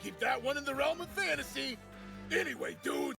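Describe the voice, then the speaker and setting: An actor voicing a brash, crude, excitable young male pirate with a New York accent in an anime dub, shouting and boasting. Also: very high-pitched, vocal fry, full character voice. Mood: giddy. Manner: shouty, boastful, quickly checks himself. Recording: anime clip with loud music behind.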